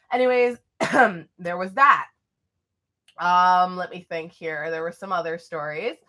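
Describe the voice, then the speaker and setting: A woman's voice: fairly low pitch, sharp tone. A young woman vlogger chatting casually through a storytime, rambling with lots of fillers.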